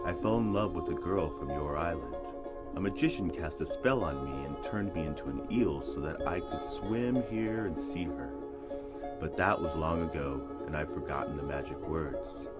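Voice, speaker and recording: Guy doing a kind old magic eel, super deep voice, slow and soft, music behind. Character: gentle, weary old male eel, an enchanted king.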